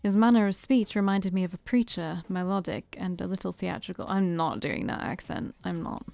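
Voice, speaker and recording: Woman streamer, mellow voice, reads game text, jokes between lines, faint music. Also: lowish voice, normal speed, creaky. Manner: reads narration, breaks off to joke and laugh. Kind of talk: let's play, reading a visual novel aloud.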